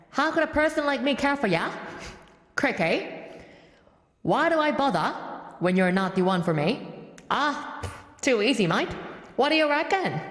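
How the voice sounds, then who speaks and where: A woman voicing a brash Australian woman cousin with a put-on Australian accent, reading song lyrics slowly and tagging 'mate' onto every line. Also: fairly high pitch, a bit bright, roomy sound, in a large hall.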